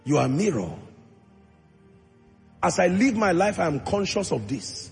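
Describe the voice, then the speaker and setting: A man preaching a sermon as pastor, acting out short dialogues and rising into shouted prayer. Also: high-pitched, big pitch swings, unhurried, gravelly. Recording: music under voice in a large reverberant hall.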